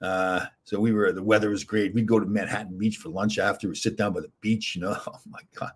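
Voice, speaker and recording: A middle-aged man talks loosely and at length, drifting between stories and viewer questions from his chat. His voice sits low and a little husky. The delivery is off-the-cuff and conversational. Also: steady tone, brisk. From Canada. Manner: rambling, chatty, reads viewer comments aloud. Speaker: livestream host answering chat. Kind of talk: casual chat.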